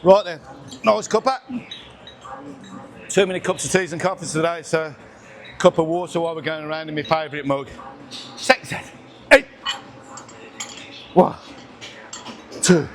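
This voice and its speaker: Recorded by a camera on a tripod nearby, a gym vlogger with a voice on the high side takes it slowly, leaving long pauses. He chats casually during his workout in a busy gym, counting reps and running out of breath between sets.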